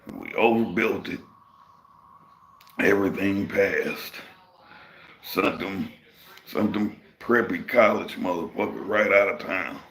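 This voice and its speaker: A man's voice: low voice, takes it slowly, pauses often, a bit bright. A man hosting a livestream, telling a rambling, profane work story in casual talk. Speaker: livestream host.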